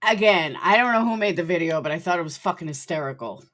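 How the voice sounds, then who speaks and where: A woman's voice: on the low side, lively intonation, quick pace, fairly bright tone. A woman talking bluntly and profanely on a livestream. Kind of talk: casual livestream talk.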